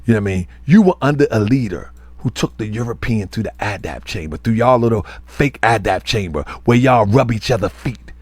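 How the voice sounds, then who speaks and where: A man's voice: on the low side, lively intonation, a little fast, few pauses, darkish tone, no room sound. A man, a religious teacher and show host, delivering a heated, confrontational online rant full of scolding repetition.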